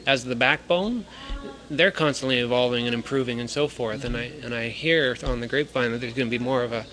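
A man's voice: medium pitch, brisk, bright, forceful tone, rough recording. A man who organizes a competition, talking in a casual interview chat with self-deprecating jokes.

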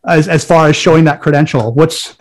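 A man's voice: fairly high pitch, a little fast. A man hosting an interview, asking questions with enthusiasm. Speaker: host. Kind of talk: interview conversation.

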